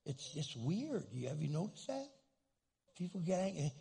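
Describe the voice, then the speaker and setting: A male pastor preaching a sermon with a husky voice, animated and playful, acting out grumpy people in comic asides. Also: fairly high pitch, moderate pace. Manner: animated, acts out angry churchgoers in comic asides.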